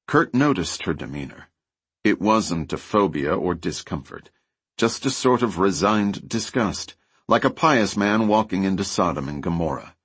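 Low husky guy narrating a novel, lively ups and downs, dry close sound. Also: a little slow, no echo. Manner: lively storytelling, voices characters lightly. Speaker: audiobook narrator. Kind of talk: scripted narration.

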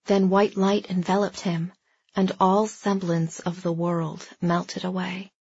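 A woman reading a story aloud as an audiobook narrator, with a steady, even delivery. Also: fairly low pitch, slow, breathy edge, no echo. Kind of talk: scripted narration. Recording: dry, slightly dull lo-fi recording.

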